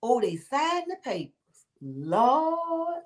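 A woman, chatting casually on a livestream and reading viewers' comments aloud. She talks in an animated way, laughs often and breaks into exclamations. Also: high voice, moderate pace.

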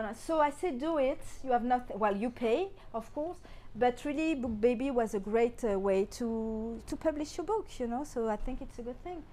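A middle-aged woman whose first language is French speaks English with a clear French accent. Her voice sits high, and she tells her stories to an audience in a lively way, acting out what people said. She laughs often as she goes. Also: slight background noise. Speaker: guest speaker. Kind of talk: anecdotal talk to an audience.

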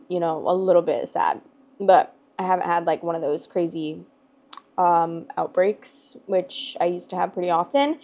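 A young adult woman hosting her storytime channel, talking in a chatty, rambling, emotional way with lots of "like" fillers. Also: fairly low pitch. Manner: chatty and rambling, heavy use of "like"; emotional and expressive. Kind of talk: casual chat to camera.

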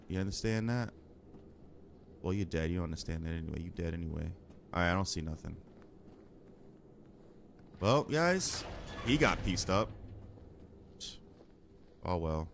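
Deep voiced gamer guy talking trash at the game, casual slangy chat, noisy audio. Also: gravelly. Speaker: gaming channel host. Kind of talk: casual let's-play commentary.

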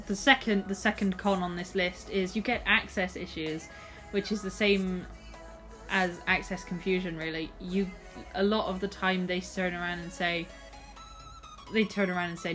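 A woman's voice: lowish voice, little pitch movement, normal speed, a bit bright, faint music behind, rough recording. A young woman vlogging to camera in a frank, exasperated way, often restarting her sentences. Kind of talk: casual talk to camera.

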